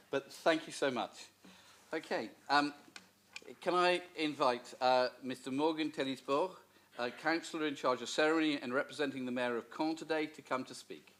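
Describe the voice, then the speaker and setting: A man's voice: fairly high pitch, a bit bright. A man hosting a civic ceremony, introducing speakers hesitantly, with frequent ums and uhs. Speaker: ceremony host.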